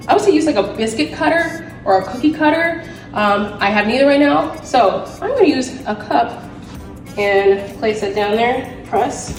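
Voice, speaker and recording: A woman hosting a home cooking video, walking viewers through a recipe in a chatty, upbeat way. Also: medium pitch. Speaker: home cook host. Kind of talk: casual cooking demonstration.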